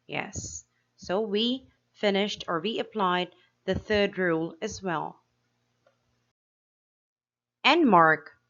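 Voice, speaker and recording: A woman teacher giving a slow, clear grammar lesson to young pupils, asking them questions as she explains each step. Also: medium pitch, fairly bright tone, highs cut off. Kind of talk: grade-school grammar lesson.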